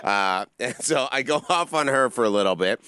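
A man's voice: mid-range voice, moderate pace, clean tone, no room sound, studio quality. A man co-hosting a podcast, telling a story in casual chat, acting out voices and laughing often. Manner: animated, acts out voices in stories, laughs often. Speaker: comedian podcast co-host.

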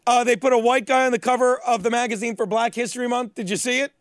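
A man with a strikingly high voice hosts a comedy talk show. He rambles, jokes at his own expense and keeps the banter rolling. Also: flat delivery, fast. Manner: rambling, joking, self-mocking. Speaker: show host.

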